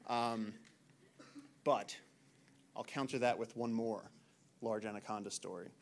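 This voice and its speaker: A man in his thirties from the United States, a naturalist giving an animated storytelling talk to an audience in a lecture hall. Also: lowish voice, measured pace, slight background noise. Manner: animated, acts out shouted quotes.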